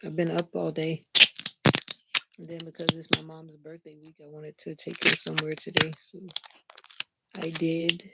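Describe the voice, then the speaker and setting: Her voice sits low with vocal fry, and she speaks monotonously at normal speed, leaving long pauses. As a livestream host, she chats casually and greets viewers by name, sounding a bit congested like she has a cold. The stream audio is dull, lo-fi, and faintly noisy.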